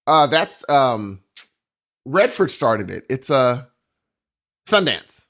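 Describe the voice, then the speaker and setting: A man's voice: medium pitch, sing-song, slow, a bit bright. A young man co-hosting a podcast, rambling in casual chat and acting out little voices. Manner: rambling, jokey, acts out voices. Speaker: podcast co-host.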